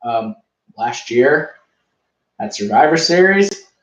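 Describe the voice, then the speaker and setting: A man's voice: medium pitch, lively intonation, takes it slowly, reverberant, highs cut off. A young man co-hosting a podcast, joking and ranting in casual wrestling review chat. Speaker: podcast co-host.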